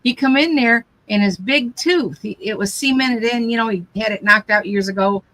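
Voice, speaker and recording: A woman's voice: on the high side, normal speed, fairly bright tone, poor audio. An older woman hosting a casual craft chat, telling rambling family stories with lots of restarts. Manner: chatty, rambling storyteller with frequent restarts. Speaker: craft live stream host.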